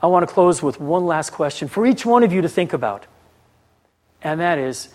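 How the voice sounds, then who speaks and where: A man's voice: on the high side, expressive, normal speed, darkish tone. A man preaching a sermon, pressing the listeners with repeated rhetorical questions and telling a story.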